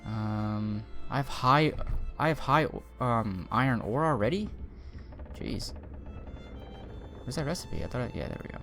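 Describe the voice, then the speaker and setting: A man's voice: medium pitch, sing-song, measured pace, vocal fry, a bit bright, faint music behind. A man streaming a video game, chatting casually with rambling, self-interrupting commentary.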